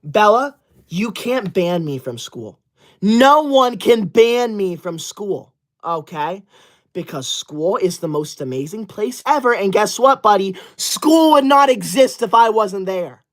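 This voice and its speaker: Comedy sketch: performer as a self-righteous young livestreamer, scolding and banning chatters in outraged shouts. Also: medium pitch, expressive, slow. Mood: indignant. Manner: indignant scolding, sudden shouted outbursts. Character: self-righteous school-loving young streamer, touchy.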